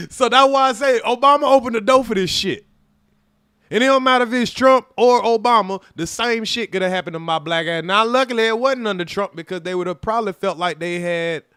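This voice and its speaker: A man, hosting a live stream and telling a profane, animated story in which he acts out every side. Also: high voice, smooth, dry recording, studio quality. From United States.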